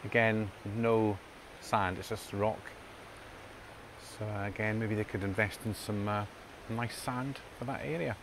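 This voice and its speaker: A man's voice: fairly low pitch, fairly even intonation, a little slow, background noise. A man, chatting casually to viewers in a travel vlog. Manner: chatty, addresses viewers as folks. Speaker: travel vlogger.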